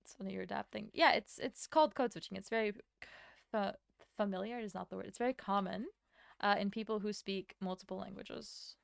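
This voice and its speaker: A woman's voice: mid-range voice, steady tone, a little fast, creaky, no echo, clean studio sound. A young woman streamer whose first language is Latvian, rambling casually while she draws, swearing now and then and answering her chat. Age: young adult.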